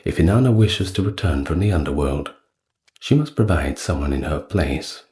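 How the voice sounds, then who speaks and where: A man's voice: a bass voice, expressive, moderate pace, a little mellow. A man voicing the stern judges of the underworld handing down a ruling. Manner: stern, pronouncing judgment.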